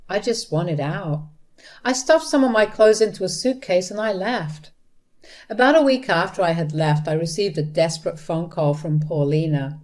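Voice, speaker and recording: A woman's voice: fairly low pitch, a little mellow. A woman narrating a first-person story in a bitter, blunt manner.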